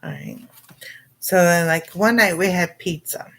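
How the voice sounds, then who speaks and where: A woman's voice: fairly low pitch, huge pitch swings, a little slow, vocal fry. A middle-aged woman chatting casually and rambling to viewers on a cooking livestream, greeting them and laughing often. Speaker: cooking channel host.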